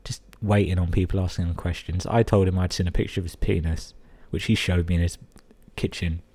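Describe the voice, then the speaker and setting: A young man from England reads listener stories on his podcast in a casual, profane way. His voice sits very low and sounds dark and a bit husky. He keeps stopping to mock the emails with dry, sarcastic remarks. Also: fairly even intonation, a little fast. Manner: sweary, sarcastic running commentary. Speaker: podcast host.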